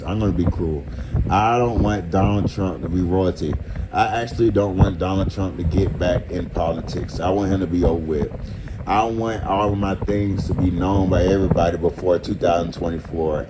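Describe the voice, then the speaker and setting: Profane ranting man, low voice, noisy. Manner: angry, profane, repetitive ranting with frequent "bro" and "motherfucker". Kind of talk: reading aloud then profane ranting monologue.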